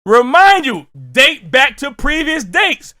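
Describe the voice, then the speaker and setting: A man hosting a music reaction, talking loudly and excitably, swearing and breaking into shouts. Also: very high voice, slow pace.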